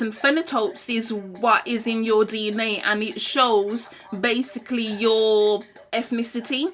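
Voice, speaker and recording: A woman's voice: on the high side, fairly bright tone. A woman giving a frank, forthright vlog monologue. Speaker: vlogger. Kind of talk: opinionated talking-to-camera monologue.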